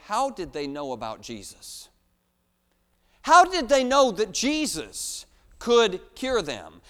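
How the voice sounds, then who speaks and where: A man preaching a sermon in a church, emphatic, asking rhetorical questions and swinging between loud and hushed. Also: high-pitched. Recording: long hall reverb.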